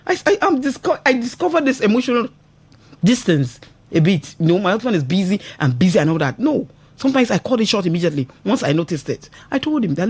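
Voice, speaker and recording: A woman's voice: medium pitch, fast, breathy edge. A woman with a Nigerian English accent hosting a radio show, chatting about marriage with a lot of emotion and laughing often. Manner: animated, emotional, laughs often, asks "you understand?". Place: radio studio.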